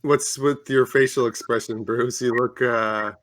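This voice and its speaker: A man's voice: medium pitch, measured pace, no echo. A man hosting a podcast on a video call, chatting casually and joking with the guests. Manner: relaxed, joking, chuckles often. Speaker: podcast host.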